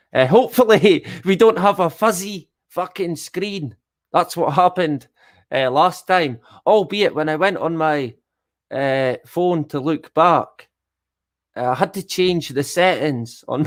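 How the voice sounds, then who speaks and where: A middle-aged Scottish man chatting casually on a live stream, swearing freely and joking at his own expense. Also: medium pitch. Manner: swears a lot, chatty and self-deprecating.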